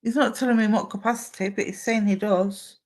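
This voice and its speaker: Female medium, talky and warm-paced, live-stream reading. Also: mid-range voice, fairly even intonation, fast. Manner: chatty, relays messages from spirit.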